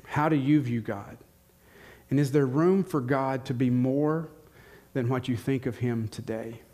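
A man's voice: mid-range voice, a little slow, warm tone. A man in his forties with a Southern American accent, a pastor preaching earnestly and asking the congregation questions. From United States. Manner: earnest, questioning, repeats key lines for emphasis. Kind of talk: sermon.

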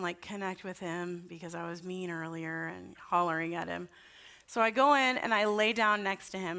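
A woman pastor in her thirties delivers a relaxed, conversational sermon with a bright, clear tone. She tells stories as she goes and keeps things loose with everyday fillers. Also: medium pitch. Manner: warm anecdotal storytelling with casual fillers.

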